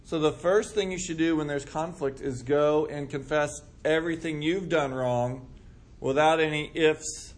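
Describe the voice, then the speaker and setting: A man's voice: on the high side, fairly even intonation, a little slow. A man leading a group Bible study, talking conversationally and acting out what people might say. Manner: conversational, acts out quoted remarks. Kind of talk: casual Bible study teaching.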